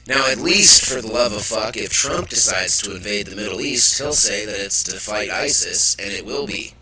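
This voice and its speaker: A man's voice: on the low side, lively intonation, normal speed, sharp tone, low-quality recording. A man hosting a live show, ranting with profanity and irritation about the news. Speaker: host. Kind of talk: live political commentary.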